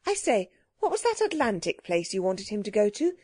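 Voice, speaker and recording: A woman's voice: mid-range voice, very animated, a little fast, a little mellow, slightly rough, no echo, clean studio sound. A woman voicing a boy who speaks curtly and grumpily. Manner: curt, grumpy. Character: boy Cyril, curt and sulky.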